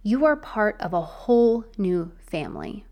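A young woman hosts a solo faith podcast, speaking straight to her listener. Her talk is earnest and encouraging, casual and chatty, and her pitch sits in an ordinary middle range. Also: lively intonation, normal speed. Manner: chatty with filler words.

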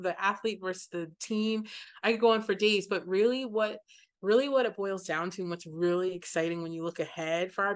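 A woman from Maryland, a sports sponsorship executive, answering questions in an upbeat, casual podcast interview. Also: on the low side. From Maryland, United States.

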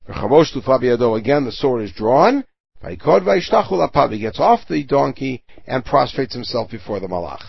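A man's voice: mid-range voice, big pitch swings, moderate pace, gravelly, husky, no echo. A man giving a Torah lesson, reading Hebrew verses and translating them line by line, with everyday examples. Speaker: Torah teacher. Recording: dull lo-fi recording.

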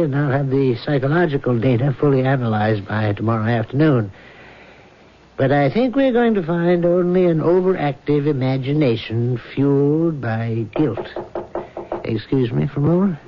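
An actor playing a measured, dismissive middle-aged doctor in a 1970s radio drama. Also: male voice, a little high, natural voice. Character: calm, clinical, dismissive male doctor. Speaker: hospital doctor. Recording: dull lo-fi old radio recording with faint hiss.

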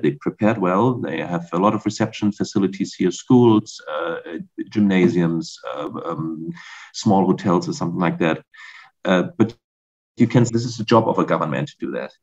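Low-voiced man on a dull remote line. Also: a little mellow. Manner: halting, searching for words. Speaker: reporter at the border. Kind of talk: remote interview.

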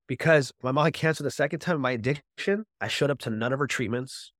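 A man's voice: medium pitch, fast, fairly bright tone, no echo, studio quality. A man guesting on a podcast, telling his personal recovery story in an earnest, heartfelt way, with many casual fillers.

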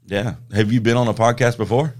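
A man hosting a podcast, telling stories in an easygoing way and giving shout-outs. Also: mid-range voice, fairly even intonation, fairly quick. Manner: easygoing storyteller, laughs often. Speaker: podcast host. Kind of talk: casual chat.

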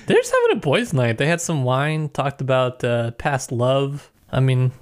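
A man's voice: mid-range voice, big pitch swings, normal speed, smooth. A man co-hosting a podcast, making wry, dismissive jokes about a novel. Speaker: podcast co-host. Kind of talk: casual book discussion.

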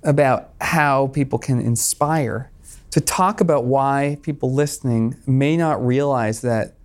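A man's voice: medium pitch, a little slow. Easygoing man hosting a podcast. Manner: joking, easygoing interviewer. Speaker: podcast host. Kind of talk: conversational interview.

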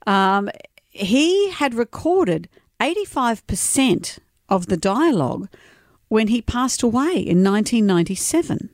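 A woman's voice: on the high side, sing-song, unhurried, no echo, studio quality. A woman hosting a radio chat show, telling stories and teasing her co-host. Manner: storytelling, teasing. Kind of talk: casual chat.

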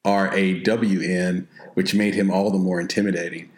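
A man hosting a casual interview, chatty and quick to laugh. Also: deep voice, little pitch movement, darkish tone. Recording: roomy echo.

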